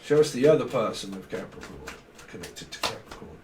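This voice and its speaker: A man's voice: medium pitch, very animated, brisk. A man giving a casual, rambling tarot reading full of jokes. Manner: rambling, joking, laughs often. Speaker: tarot reader. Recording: roomy, distant mic.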